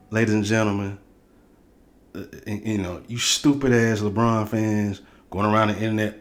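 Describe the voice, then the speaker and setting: A man's voice: lowish voice, fairly even intonation, moderate pace, a bit bright, faint music behind. Heated, profane male sports ranter. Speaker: sports show host. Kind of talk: sports commentary rant.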